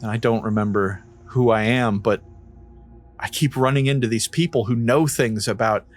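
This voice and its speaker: A game master narrating a tabletop game scene, describing it in a relaxed way and laughing easily. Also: mid-range voice, moderate pace, soft background music.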